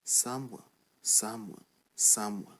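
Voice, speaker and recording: An actor playing a solemn man who claims God called him, with a husky, slow delivery. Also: fairly low pitch, heavy background noise.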